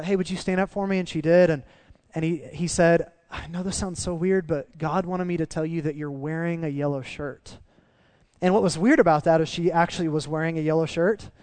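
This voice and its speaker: A male pastor delivers a sermon in a relaxed, storytelling way, earnest and conversational. His voice sits on the higher side for a man, and the sound is close and dry with almost no room around it. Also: no room sound. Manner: conversational, earnest, dips soft in emotional parts.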